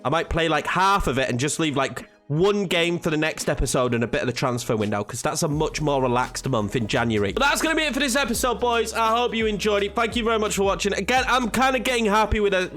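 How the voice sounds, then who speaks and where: A man commentating his own football video game match, swinging between hushed tension and frustrated outbursts. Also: sits high. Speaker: gaming YouTuber.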